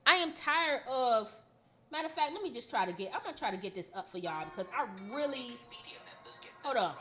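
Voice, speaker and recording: Animated high-voiced woman podcast host. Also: quick pace, husky, soft background music. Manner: animated, emphatic storytelling. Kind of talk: casual chat.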